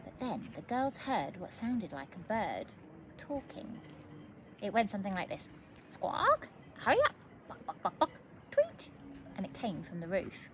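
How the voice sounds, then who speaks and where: A woman author reading her children's book aloud in a gentle, measured storytelling manner. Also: lowish voice, slight background noise, low-quality recording.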